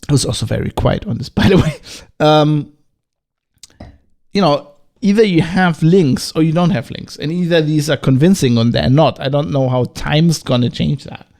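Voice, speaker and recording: A man's voice: fairly high pitch, moderate pace, darkish tone. Irritated German-accented man podcasting. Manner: agitated, profane, rhetorical questions. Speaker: podcast host. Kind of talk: casual solo commentary.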